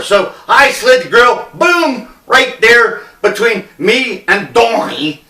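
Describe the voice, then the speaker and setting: A man's voice: very high voice, very animated, slow pace, bright, forceful tone. A middle-aged man telling a personal story in a blunt, rambling, profane way. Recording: echoey room, distant mic.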